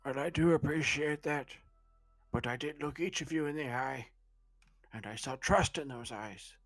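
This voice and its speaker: A man's voice: on the high side, normal speed, a bit bright, dry recording, soft background music. A man playing a tabletop game in character, earnest and sincere. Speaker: player.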